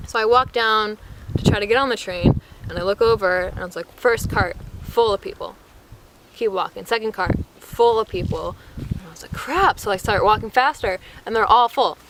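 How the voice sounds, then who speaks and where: A woman's voice: mid-range voice, normal speed. Chatty young American woman, noisy recording. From United States. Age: young adult. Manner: chatty, breathless retelling full of "like" and acted-out quotes. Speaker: vlogger. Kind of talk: casual travel storytelling.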